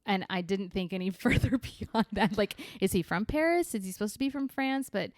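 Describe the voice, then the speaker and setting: A woman's voice: medium pitch, brisk, no echo, clean studio sound. A woman co-hosting a podcast, chatting casually and laughing often. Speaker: podcast co-host. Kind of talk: casual chat.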